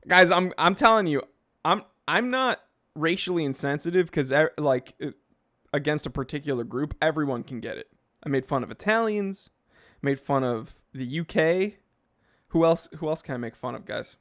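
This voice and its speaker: A man's voice: fairly high pitch, lively intonation, moderate pace, a bit bright. A man hosting a casual live stream, reading out comments and joking in a loose, rambling way.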